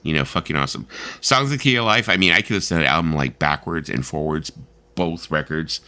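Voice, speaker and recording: A man's voice: a bass voice, fast, pushed and bright. A man hosting a casual livestream chat about albums, enthusiastic and emphatic, repeating himself and swearing casually. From California. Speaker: livestream host. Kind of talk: casual group chat reacting to an album list.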